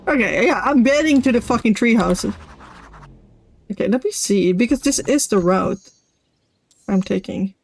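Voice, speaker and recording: A woman's voice: a little high, lively intonation, moderate pace, creaky, long pauses, a little hiss or hum. A woman streamer giving casual commentary while playing a game, swearing freely.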